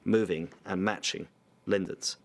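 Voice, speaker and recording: A man, a visual effects supervisor, explaining the process in a measured, technical way in a behind-the-scenes interview. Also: low-pitched, steady tone, gravelly.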